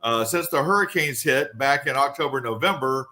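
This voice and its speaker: A man with a bright, forceful voice gives a casual guest report, running through items at an auctioneer's clip. He talks freely, with frequent fillers and restarts. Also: medium pitch, animated. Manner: quick, auctioneer-like rundown with fillers. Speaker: guest treasure hunting reporter.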